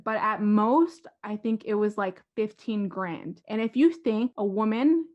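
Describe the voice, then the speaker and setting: A woman's voice: mid-range voice, highs cut off. A woman co-hosting a casual sports podcast, chatty, reading out facts with care. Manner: chatty, reads facts carefully and slowly. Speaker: podcast co-host.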